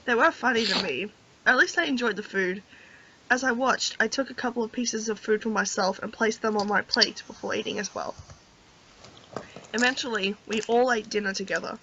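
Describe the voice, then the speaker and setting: Slightly high-pitched and moderately paced, this woman reads a visual novel's narration and chats about it, giggling and talkative between lines. A gamer and host, she's recorded on dull lo-fi audio with background noise.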